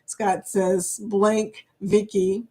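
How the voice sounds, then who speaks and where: A woman's voice: mid-range voice, level tone, extremely slow, mellow. A woman hosting a live stream chat, reading viewer comments aloud, laughing often and speaking. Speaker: livestream chat host.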